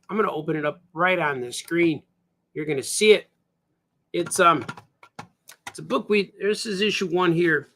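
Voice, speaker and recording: A cartoonist livestreams his comic pages, talking in a high-pitched, fairly bright voice with vocal fry. He wanders from topic to topic in a laid-back way, often dropping "hey, man."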